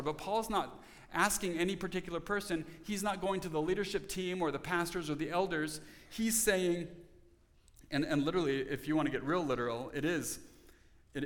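A man's voice: on the high side, fairly bright tone, in a large hall. A man preaching a Sunday sermon as pastor, earnest and conversational, often restarting and repeating words. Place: church sanctuary.

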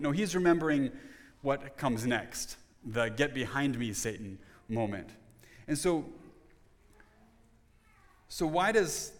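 A man's voice: medium pitch, lively intonation, takes it slowly, pauses often, big-room sound. A man preaching a sermon as pastor, earnest and conversational, often restarting his phrases.

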